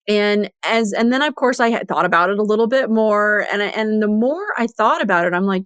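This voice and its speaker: A woman's voice: medium pitch, animated, a little fast, few pauses, fairly bright tone, no echo. A woman in her fifties hosting her own podcast, telling a candid story in a chatty way with lots of "you know". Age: 50s. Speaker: podcast host and business coach. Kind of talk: casual solo podcast storytelling.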